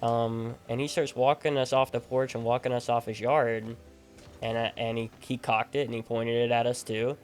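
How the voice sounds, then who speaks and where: A man's voice: medium pitch, normal speed, faint music behind. Rambling young man telling a story. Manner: rambling, animated storytelling with many fillers and restarts. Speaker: gaming streamer. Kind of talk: casual storytelling over gameplay. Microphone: desk microphone at a gaming setup.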